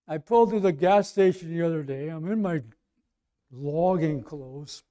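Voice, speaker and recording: A man preaching a sermon in a conversational way, asking the congregation questions and swinging from quiet asides to loud emphasis. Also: fairly high pitch, normal speed.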